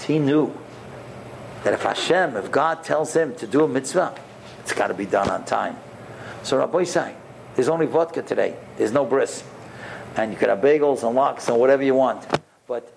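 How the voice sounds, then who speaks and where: A man who is a rabbi and mohel, telling stories to a group in an animated way and acting out the dialogue himself. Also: mid-range voice, gravelly, a little hiss or hum. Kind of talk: storytelling talk.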